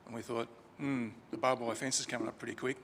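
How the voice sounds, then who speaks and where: A gravelly-voiced man tells an anecdote at a funeral in a loose, chatty way, stopping and restarting as he goes. He speaks into a lectern mic in a chapel with a long reverb tail. A faint room hum sits behind him. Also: medium pitch, little pitch movement, quick pace, fairly bright tone. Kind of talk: informal storytelling eulogy. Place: crematorium chapel.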